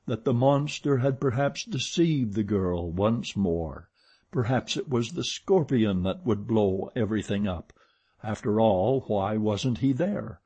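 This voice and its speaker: A man narrating an audiobook in a slow, measured reading. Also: fairly low pitch, warm tone, slightly rough, muffled recording. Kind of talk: scripted narration.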